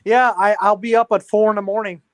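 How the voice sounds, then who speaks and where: A young man with a high voice chats eagerly with friends on a casual show. He talks in an open, keen way. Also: level tone, brisk. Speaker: guest. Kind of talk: casual chat.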